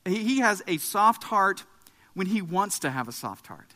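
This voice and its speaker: A man in his thirties preaching a sermon, telling a family story in an animated way with emphatic rises. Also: sits high, normal speed. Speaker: pastor. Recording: long hall reverb.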